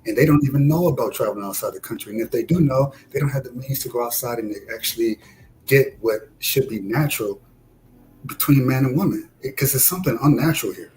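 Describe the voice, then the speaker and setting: A man's voice: fast, a little hiss or hum, low-quality recording. A man from Detroit, animatedly telling a story in casual chat. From Detroit, USA. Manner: animated, acts out quotes with rising pitch. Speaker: discussion guest.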